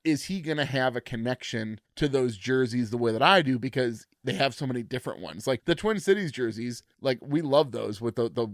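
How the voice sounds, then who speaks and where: A man's voice: medium pitch, expressive, brisk, hardly any pauses, dry recording, studio quality. Chatty young man co-hosting a podcast. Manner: chatty, rambling asides with laughs. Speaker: podcast co-host. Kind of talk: casual sports chat.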